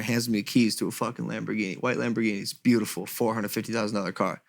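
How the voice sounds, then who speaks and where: A young man in casual chat, telling an animated story and swearing freely as a guest. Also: on the low side, quick pace, creaky, few pauses.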